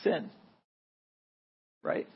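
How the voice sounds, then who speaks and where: A man's voice: very slow, lo-fi sound. An American man preaching a sermon as pastor, in a conversational style that keeps checking in with the congregation. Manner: conversational preaching with frequent "right?" tags.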